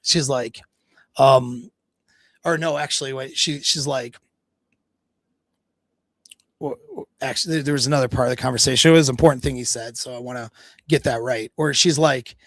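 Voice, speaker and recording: A dating coach on a livestream, casually retelling a story with laughs, false starts and stumbles. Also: male voice, mid-range voice, normal speed, long pauses, a bit bright, no echo.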